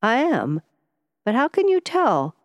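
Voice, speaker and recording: A woman's voice: fairly low pitch, expressive, moderate pace, a little mellow, dry recording, lo-fi sound, natural voice. A woman voicing a testy ailing millionaire. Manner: vexed, impatient.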